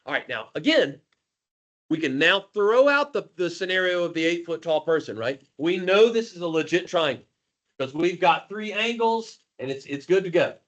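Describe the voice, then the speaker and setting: A man teaching math to a class, animated and jokey, calling on students by name. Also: high voice, normal speed. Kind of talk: classroom lecture.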